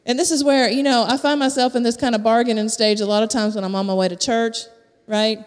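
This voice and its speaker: A woman preaching, her fairly high voice carried by the long reverb of a church sanctuary. She speaks into a handheld mic, frank and chatty, and pokes fun at herself as she talks to the congregation. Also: fairly even intonation, fast, clear, resonant tone. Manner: candid and conversational, with self-mocking humor. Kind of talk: sermon. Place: church sanctuary at a live service. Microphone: handheld microphone.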